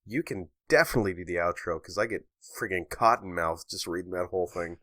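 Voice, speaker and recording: A man with a very low, deep voice, co-hosting a casual podcast. He teases his partner with dry wisecracks. The sound is close and dry, with no room echo. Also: brisk, sharp tone. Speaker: podcast co-host.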